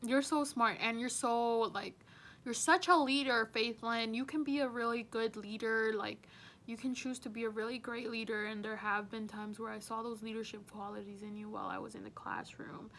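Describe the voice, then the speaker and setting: Young woman in her twenties, bright and a little high, chatty and filler-heavy, faint rumble behind. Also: fairly even intonation, moderate pace. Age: 20s. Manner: warm, chatty, many fillers like "you know". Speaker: teaching assistant. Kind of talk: casual farewell message to students.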